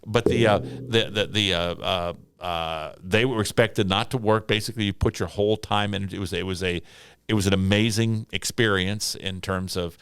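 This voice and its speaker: A man's voice: low-pitched, steady tone, moderate pace, fairly bright tone, smooth, dry recording, clean studio sound. An older man, a retiring pastor, reminiscing in a casual chat, rambling with many repeated words and fillers and chuckling asides. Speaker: retiring pastor, podcast guest.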